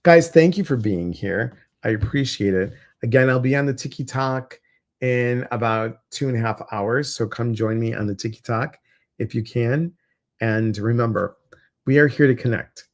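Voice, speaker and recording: A man with a Chicago accent hosting a casual livestream, upbeat and excitable as he talks straight to his viewers. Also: medium pitch, normal speed. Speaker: livestream community host.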